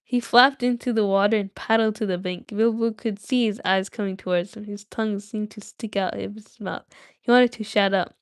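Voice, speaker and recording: A woman's voice: medium pitch, steady tone, normal speed, clear, resonant tone. A woman reading a story aloud on a livestream, chatty and breaking off to talk to viewers. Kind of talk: casual read-aloud livestream.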